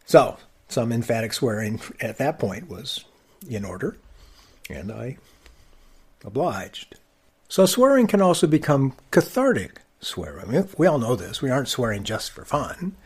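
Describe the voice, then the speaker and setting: A man with a husky voice tells a personal story on his podcast in a wry, conversational way. His delivery swings through a lively range, jumping high for emphasis and then sinking low and quiet. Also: unhurried. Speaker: podcast host.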